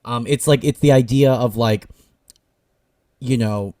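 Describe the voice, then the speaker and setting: A man's voice: medium pitch, a little slow, pauses often, dark tone, no echo, studio quality. A man co-hosting a podcast, talking animatedly with many restarts and sarcastic asides. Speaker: podcast co-host. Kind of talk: casual book-discussion chat.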